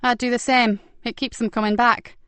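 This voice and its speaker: A woman's voice: a little high, little pitch movement, normal speed, fairly bright tone, smooth, no room sound, voice pushed up, close to an everyday voice. A woman narrator voicing a tough female detective inspector who asks short direct questions.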